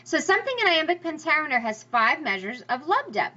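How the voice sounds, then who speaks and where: A woman, teaching in a chatty, reassuring way. Her voice sits a little high and sounds bright. The recording is dull and lo-fi. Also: sing-song, a little fast. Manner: encouraging, chatty, reassures listeners. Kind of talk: recorded lecture on poetry.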